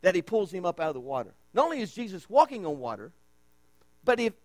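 A man preaching a sermon as pastor, emphatic and repetitive, with dramatic pauses. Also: high-pitched, big pitch swings, dry recording. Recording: dry with mains hum.

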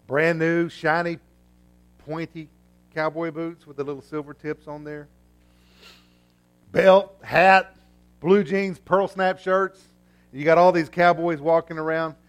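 A man preaching a sermon, telling a story and acting out the voices in it, swinging from hushed to loud. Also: on the high side, unhurried, pauses often, faint music behind. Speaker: pastor.

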